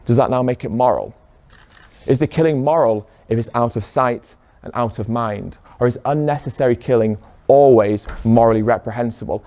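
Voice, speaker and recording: A man's voice: medium pitch, dark tone. A man giving a persuasive public talk, speaking straight to a room of listeners and firing rhetorical questions at them. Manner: poses rhetorical questions to the audience. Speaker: speaker addressing an audience.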